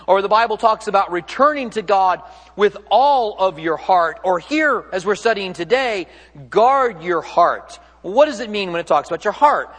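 A man's voice: high voice, fairly bright tone, big-room sound. A man delivering a sermon as a pastor in a church, speaking in a conversational, joking way and often correcting himself mid-sentence.

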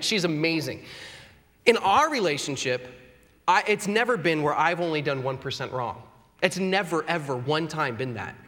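A man's voice: high-pitched, fairly bright tone. A man in his thirties preaching a sermon in a conversational, earnest way, with self-deprecating humor. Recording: long hall reverb.

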